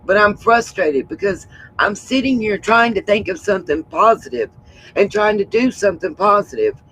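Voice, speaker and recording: A woman hosting a livestream, hoarse and frustrated, who keeps repeating her points with emphasis. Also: mid-range voice, expressive, normal speed, fairly bright tone, low-quality recording. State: hoarse from hollering. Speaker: livestream host. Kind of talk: casual livestream talk.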